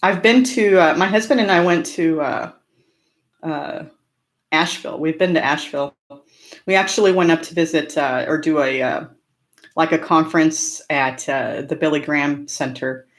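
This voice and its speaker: This woman's voice is low-pitched and moves at normal speed. Hailing from Orange County, California, she chats away on a casual live stream, responding to viewers' comments with lots of fillers and laughs.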